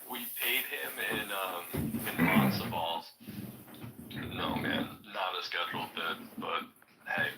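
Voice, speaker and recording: A man's voice: deep voice, lively intonation, slow, vocal fry, reverberant, far from the mic, a crowd in the background, poor audio. A man hosting a live stream, arguing with a caller in a confrontational, exasperated and mocking way. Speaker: host of a live audio stream. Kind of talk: heated live debate.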